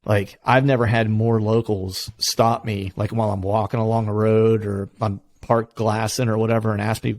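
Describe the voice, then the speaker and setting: A man's voice: level tone, normal speed, few pauses, a little mellow, no room sound. A man from Pennsylvania with a Pennsylvania accent, hosting a casual podcast conversation and rambling through his thoughts with lots of fillers. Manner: rambling, many fillers, acts out locals in higher voices. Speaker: podcast host.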